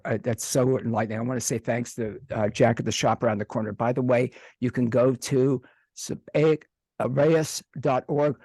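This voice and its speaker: A male host with a husky, slightly raspy voice praises his guest effusively, tripping over restarts. The sound is dry and close, with no room around it. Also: mid-range voice, darkish tone, dry recording. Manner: effusive, gushing, stumbling restarts. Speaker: radio show host. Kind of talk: casual interview talk.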